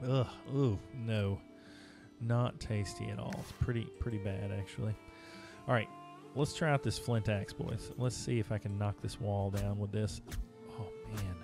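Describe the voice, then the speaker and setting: A man's voice: fairly low pitch, fairly even intonation, a little slow, gravelly. A man streaming a video game live, chatting casually with viewers as he plays. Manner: chatty, talking to chat while playing. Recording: music playing behind.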